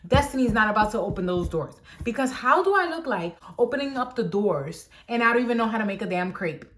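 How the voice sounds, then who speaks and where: A woman's voice: fairly high pitch, lively intonation, a little fast, a bit bright. A young woman casually telling a story about a job, chatty and exasperated, repeating phrases for emphasis.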